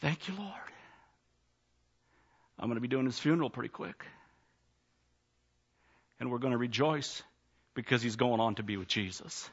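A man's voice: mid-range voice, moderate pace, long pauses. A man, a pastor, preaching a sermon in a church, plainspoken and folksy, telling a story before a rising altar call. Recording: slightly dull lo-fi sound.

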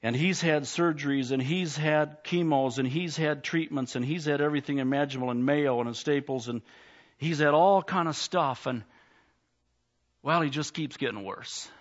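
A man's voice: a little high, normal speed. Folksy man preaching a sermon. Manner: plainspoken, folksy storytelling that builds to a loud altar call. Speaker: pastor. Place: church. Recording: slightly dull lo-fi sound.

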